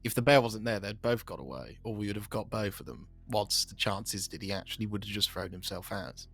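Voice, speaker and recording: A man's voice: on the low side, brisk, creaky, fairly bright tone. A man, chatting in character as an undersheriff in a western roleplay, rambling and conversational.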